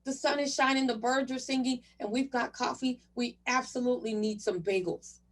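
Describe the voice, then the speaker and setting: A woman's voice: on the high side, moderate pace, recorded from a distance, close to an everyday voice. A woman doing an eager rabbi. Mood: enthusiastic. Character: cheerful male rabbi on a fishing boat.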